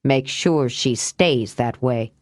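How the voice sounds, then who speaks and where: A woman voicing a gruff, protective man who speaks tersely. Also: a bass voice, slow, darkish tone, dry recording, studio quality, pitched below the performer's own voice. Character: protective man, deputy brother, gruff and steady.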